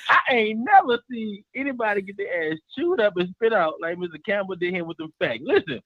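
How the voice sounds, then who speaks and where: Laughing, loud male caller. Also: high-pitched, expressive, a little fast, no room sound, lo-fi sound. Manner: loud, laughing, profane ribbing. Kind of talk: joking call-in banter.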